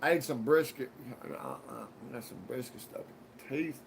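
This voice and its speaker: A man's voice: mid-range voice, normal speed, gravelly, very noisy. A man hosting a live stream, rambling through a casual monologue with crude jokes and heavy swearing. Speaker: livestream host.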